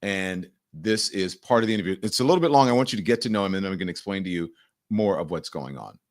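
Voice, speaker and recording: A male host delivers live news commentary. His pitch swings widely as he talks, and he is animated, often mimicking other people's voices. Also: quick pace. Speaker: show host.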